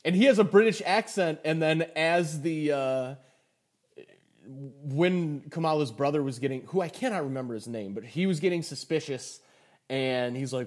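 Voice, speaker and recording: A young man with a fairly high voice co-hosts a casual podcast chat. He is excitable and quick to laugh, tripping over himself with enthusiasm as he recaps what he watched. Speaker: podcast co-host.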